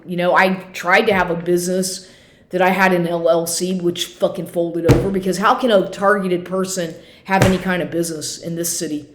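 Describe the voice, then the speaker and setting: A woman with a fairly low voice tells a long, rambling story, cursing freely and sounding fed up. Her talk is casual, full of asides and restarts. The recording has a roomy echo. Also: steady tone, brisk. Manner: profane, rambling, exasperated retelling. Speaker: vlogger.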